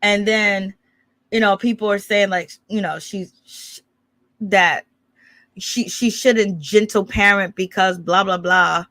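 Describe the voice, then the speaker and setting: Bright, rambling woman commentary host. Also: mid-range voice, steady tone, slow, no echo. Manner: rambling, filler-heavy recap with laughs. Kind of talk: casual commentary.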